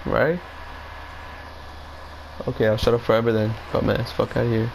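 A man's voice: medium pitch, flat delivery, moderate pace, vocal fry, pauses often, a little hiss or hum, low-quality recording. A man giving crude, profane commentary while playing a video game. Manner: crude, profane trash talk. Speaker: gamer commentating gameplay.

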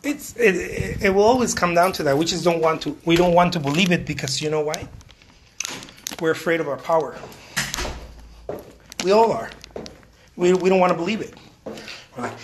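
Animated man with a high voice. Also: moderate pace, pauses often, slight background noise. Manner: animated, repetitive, emphatic. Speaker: artist. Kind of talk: casual motivational talk.

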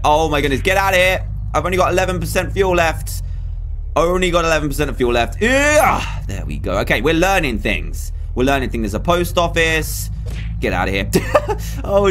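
A man giving excitable let's-play commentary, yelping and shrieking when threatened. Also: fairly high pitch. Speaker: gaming YouTuber.

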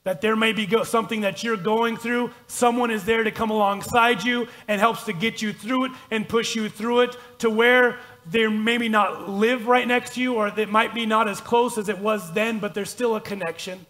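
A man's voice: high voice, fairly even intonation, moderate pace, few pauses, fairly bright tone. A man pastor preaching a conversational, self-deprecating sermon and reading scripture aloud in a church. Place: church sanctuary.

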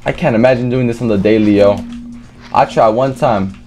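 A man giving live gameplay commentary as a gaming streamer, excitable and trash-talking, swearing often. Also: medium pitch, brisk, music in the background.

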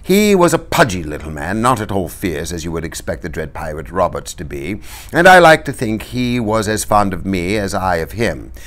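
A man reading a novel aloud with expressive, lively storytelling. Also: deep voice, moderate pace. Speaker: reader.

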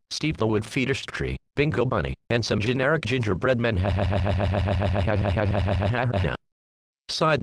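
A man narrating a comedic parody storybook in the first person, in a deadpan way full of crude jokes. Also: medium pitch, no room sound.

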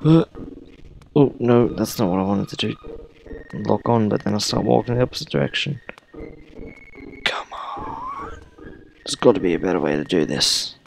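Low gravelly young gamer. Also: male voice, lively intonation, fairly quick, a little mellow, slight background noise, rough recording. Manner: thinks aloud, reacts to tutorials. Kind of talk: casual let's-play commentary.

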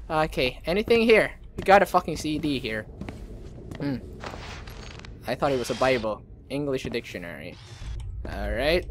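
A man's voice: mid-range voice, animated, moderate pace, long pauses, a little hiss or hum. A young man commentating a horror game let's play, swearing freely and screaming at jump scares. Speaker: gaming channel host.

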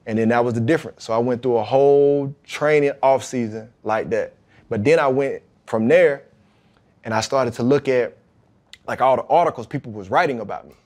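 A pro football player, appearing as a podcast guest, tells a personal story in relaxed, slang-heavy talk. His medium-pitched voice moves fairly quickly, and he animatedly acts out quoted dialogue, often saying "you know what I mean."

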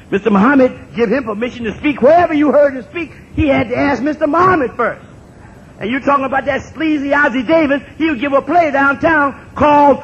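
A man in his sixties gives an impassioned public talk to an audience. He repeats phrases for emphasis and builds up to shouts. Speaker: speaker addressing an audience. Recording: dull lo-fi recording with faint rumble.

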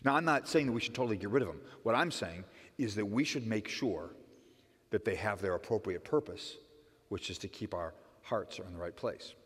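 A middle-aged man preaching a conversational sermon as pastor, often asking "right?" and swinging between loud emphatic lines and soft quiet ones. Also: on the low side, brisk, breathy edge. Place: church sanctuary. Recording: long church reverb.

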